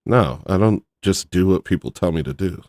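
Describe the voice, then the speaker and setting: Deadpan male streamer, low-pitched, dry close sound, rambling with fillers. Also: normal speed, no room sound. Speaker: livestream host. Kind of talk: casual livestream banter.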